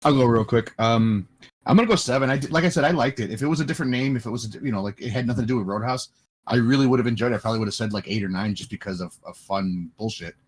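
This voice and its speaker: A man co-hosting a casual movie review podcast, making brief, relaxed remarks. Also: mid-range voice, rapid-fire.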